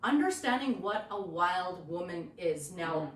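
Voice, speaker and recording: A woman from Saskatchewan with a Cree reserve accent, telling stories as a workshop presenter and acting out quotes with lively energy. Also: lowish voice, unhurried. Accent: Cree reserve English. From Cumberland House Cree Nation, Saskatchewan. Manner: animated, acts out quotes. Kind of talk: lively storytelling talk. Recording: roomy, distant mic, faint ambient noise.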